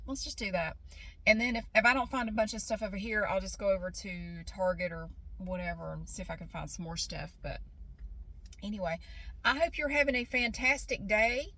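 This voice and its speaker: A woman's voice: medium pitch, fairly bright tone. A middle-aged woman chatting casually in a rambling vlog, often laughing as she talks. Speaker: vlogger.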